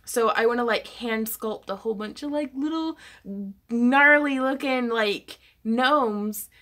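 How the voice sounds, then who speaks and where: A woman's voice: on the high side, a little slow, fairly bright tone. A woman hosting a casual craft livestream, chatty and giggly, reading viewer comments aloud.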